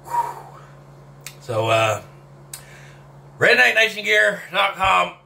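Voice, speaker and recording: A man's voice: high-pitched, sing-song, takes it slowly, vocal fry, pushed and bright. A man talking casually to the camera in a vlog while his mouth burns and he sweats, drawling, swearing and groaning between bites. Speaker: vlogger eating hot sauce. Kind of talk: casual self-filmed vlog.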